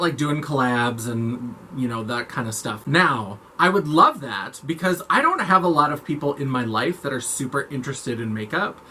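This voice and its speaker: Brief: man vlogger, campy chatty delivery, bright forward tone, slightly raised pitch, faint noise under it. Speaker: makeup vlogger. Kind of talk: casual chat to camera.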